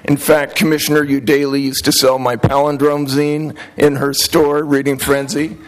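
Middle-aged man, slightly high voice, earnest public testimony, argues his case. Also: little pitch movement, normal speed, rough recording. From Portland, Oregon, USA. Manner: earnest, talkative, argues back when interrupted. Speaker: public testifier at a city council hearing.

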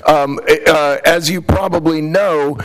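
Middle-aged man, slightly high voice, earnest public testimony, argues his case. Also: fairly even intonation, slow, poor audio. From Portland, Oregon, USA. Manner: earnest, talkative, argues back when interrupted. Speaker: public testifier at a city council hearing.

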